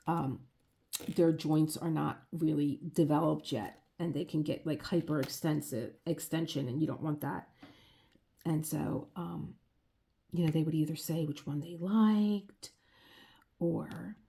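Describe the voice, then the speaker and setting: Middle-aged woman, mellow and slightly low, rambling heartfelt craft-vlog chat. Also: vocal fry. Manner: rambling and heartfelt, many restarts. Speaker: crafting vlogger. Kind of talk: casual chat while crafting.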